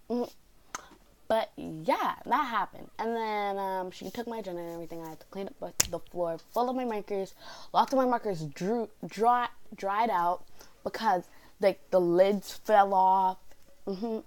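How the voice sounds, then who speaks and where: A young woman from Canada, chatting through a long personal story for her vlog. She rambles along casually, pausing on fillers and suddenly switching into lively voices for the people she quotes. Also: mid-range voice, low-quality recording. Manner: chatty, rambling, animated quoting of others. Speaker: vlogger.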